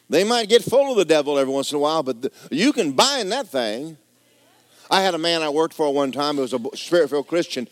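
A middle-aged man preaching a folksy, joking sermon in a church, swinging between loud exhortation and quiet asides. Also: a little high, lively intonation, a little fast. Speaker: pastor.

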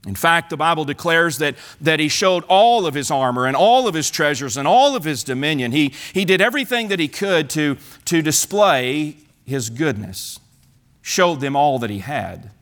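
A male pastor preaching a sermon, retelling the story in an animated way with many repeats and restarts. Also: a little high, moderate pace.

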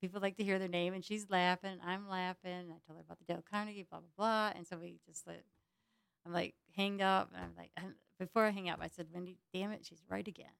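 A woman's voice: fairly low pitch, steady tone, quick pace, gravelly, fairly bright tone, clear, resonant tone, no room sound. A woman telling a rambling, laughing story in casual chat, acting out both sides of a phone call. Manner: rambling, laughing, acts out dialogue.

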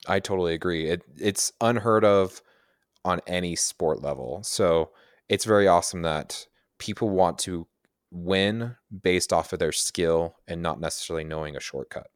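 Deep-voiced man in a dry room. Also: moderate pace, smooth, dry recording. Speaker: podcast co-host. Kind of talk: casual chat.

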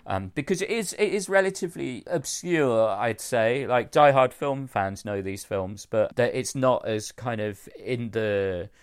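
A man's voice: mid-range voice, measured pace, few pauses, smooth, no echo, clean studio sound. A man co-hosting a film podcast, chatting in a hesitant way with plenty of fillers. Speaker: podcast co-host. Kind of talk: casual chat about films.

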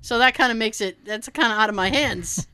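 A woman's voice: on the high side, a little fast, clean tone, dry recording. A woman co-hosting a podcast in casual chat, telling stories with plenty of swearing and acting out what other people said. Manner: animated storyteller, swears freely, acts out quoted dialogue. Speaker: podcast co-host.

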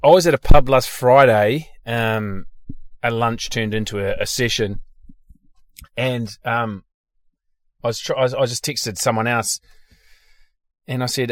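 A man's voice: medium pitch, normal speed, long pauses, no echo. An Australian man hosting a casual sports podcast, blunt and sweary with strong opinions. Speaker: podcast host.

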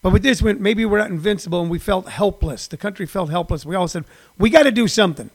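A man in his sixties with a high voice, talking off the cuff on his daily livestream. He rambles and restarts his sentences, with lots of ums and uhs, in a loose, chatty monologue. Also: fast. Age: 60s. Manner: rambling storyteller with many fillers and restarts. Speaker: comedian hosting a daily livestream.

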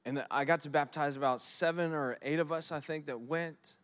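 A man in his thirties or forties, a pastor preaching a sermon in a lively, conversational way, using props and acting out prayers. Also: a little high, moderate pace. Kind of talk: sermon with object lessons. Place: church service.

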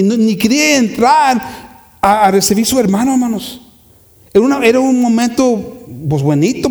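Man preaching, really high voice, gravelly, lots of repeats, echoey hall. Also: darkish tone. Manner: impassioned, repeats himself, rises to emphatic peaks. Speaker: pastor. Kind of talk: bilingual sermon. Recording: long hall reverb.

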